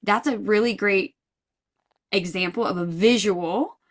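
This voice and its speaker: A woman's voice: mid-range voice, measured pace. A woman guest in a podcast interview, speaking earnestly and thoughtfully, often restarting her sentences. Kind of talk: casual interview chat.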